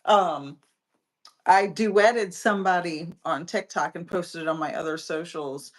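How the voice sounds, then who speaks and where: A woman's voice: lowish voice, a little slow. A woman co-hosting a casual chat, a supportive listener who murmurs agreement and adds her own stories. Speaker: tarot reader and co-host.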